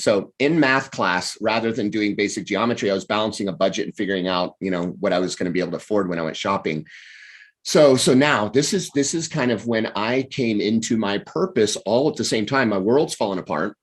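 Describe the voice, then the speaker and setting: A middle-aged American man, a coach and author, telling his life story as a guest in a casual interview, with animated pacing and frequent restarts. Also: fairly low pitch. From United States.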